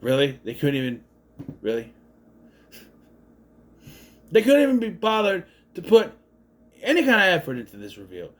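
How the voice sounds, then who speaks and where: Casual male movie reviewer, lively delivery, sarcastic and fed up. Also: a little high, moderate pace, long pauses. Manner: exasperated, sarcastic, swears often. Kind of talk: casual movie recap and rant.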